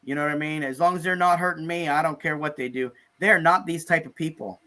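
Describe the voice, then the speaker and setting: A man's voice: a little high, fast, bright, forceful tone. A man co-hosting a casual news chat, asking wry, incredulous questions. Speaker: co-host.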